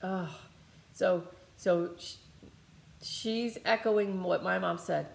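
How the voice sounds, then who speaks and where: This guided healing meditation, with channeling, comes from a meditation teacher whose voice is lowish, creaky and fairly even in intonation. She takes it slowly and talks in a loose, rambling way with plenty of fillers and restarts, in an echoey room.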